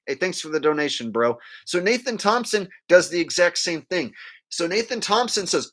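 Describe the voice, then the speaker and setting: Man, live-stream rant, blunt, lively pitch, bright voice. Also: moderate pace. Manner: animated, blunt, ranting, many fillers.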